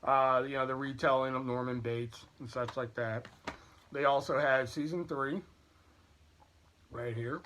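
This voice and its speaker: A man's voice: mid-range voice, steady tone, unhurried, long pauses, a bit bright, slight background noise. A man hosting a casual product review and haul vlog, talking in a candid, chatty, rambling way. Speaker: YouTube channel host.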